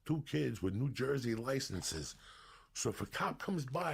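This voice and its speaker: A man's voice: medium pitch, sing-song, unhurried, gravelly, husky. A man in his sixties, a podcast guest telling long, profane, rambling stories in a casual way. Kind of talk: casual storytelling.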